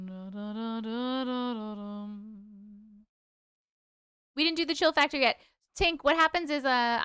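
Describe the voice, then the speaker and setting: A woman with a high, smooth, clear voice hosts a casual live stream. She chats loosely, greets viewers by name, laughs a lot and drops the odd swear. The sound is close and dry. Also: sharp tone, no room sound. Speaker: live stream host reading viewer stories. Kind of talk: casual live-stream chat and story reading.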